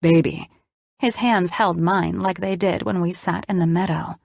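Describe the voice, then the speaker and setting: A woman's voice: lowish voice, fairly even intonation, moderate pace, creaky, no echo, clean studio sound. A woman narrating an audiobook in the first person, reading expressively.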